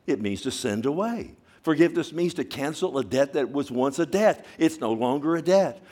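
Male pastor mid-sermon, emphatic, swinging from loud bursts to hushed emphasis, calls for "amen". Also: on the high side, lively intonation, moderate pace, few pauses. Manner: emphatic preaching with call-and-response questions. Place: church service.

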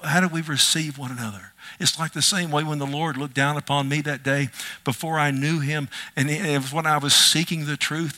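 A male pastor preaching a sermon with passion, swinging from loud declarations to hushed whispers and calling out "Amen?" to his congregation. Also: medium pitch.

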